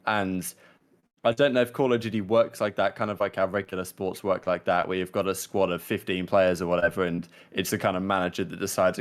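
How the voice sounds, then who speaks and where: Rambling low-voiced male podcast co-host. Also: little pitch movement, fairly quick. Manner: rambling, filler-heavy, thinks aloud. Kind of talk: casual esports talk show chat.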